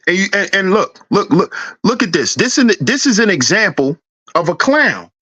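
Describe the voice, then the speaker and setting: A man's voice: high-pitched, big pitch swings, normal speed, pushed and bright. A man hosting a livestream, ranting in a heated, preachy and profane way, repeating his lines for emphasis. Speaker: livestream host. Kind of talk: livestream commentary rant.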